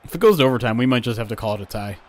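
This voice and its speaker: Young dude streaming a football sim, chatty, reads chat, gets loud on big plays, medium pitch. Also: male voice, expressive, rapid-fire. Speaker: streamer hosting a game simulation. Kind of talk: casual live-stream commentary.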